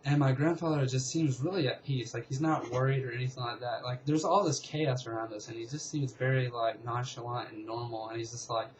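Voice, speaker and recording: A man's voice: mid-range voice, brisk, few pauses, dull audio, a little hiss or hum. Rambling young man retelling a dream. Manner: rambling, filler-heavy, excitable retelling. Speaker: vlogger. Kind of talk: casual storytelling.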